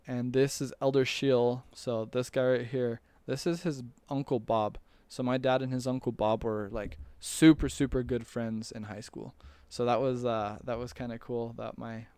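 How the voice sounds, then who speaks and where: A man's voice: medium pitch, a little mellow, clear, resonant tone, no echo. A young man telling a casual, rambling story about his time as a missionary, often restarting his sentences and chuckling. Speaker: storyteller recalling a church mission.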